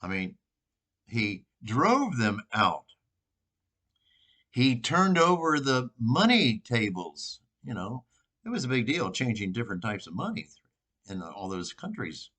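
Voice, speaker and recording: An older man, a priest, giving an informal, rambling sermon reflection with pauses and restarts. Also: mid-range voice, sing-song, sharp tone.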